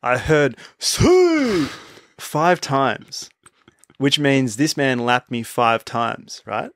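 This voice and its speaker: A man's voice: medium pitch, takes it slowly, a bit bright, no room sound. Chatty man in a dry studio. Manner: chatty, laughing often, rambling storytelling. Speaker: podcast co-host. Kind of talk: casual chat.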